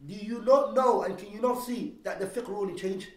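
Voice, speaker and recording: A man teaching a lesson on Islamic law, explaining terms and posing rhetorical questions, quickly reading Arabic texts and then translating them. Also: sits high. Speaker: religious teacher. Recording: echoey room, voice from a distance.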